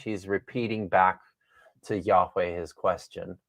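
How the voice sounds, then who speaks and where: A man's voice: medium pitch, lively intonation, unhurried. A man, a guest author and Bible scholar, talking in a podcast conversation and reading from his own book, thoughtful and wry with frequent restarts.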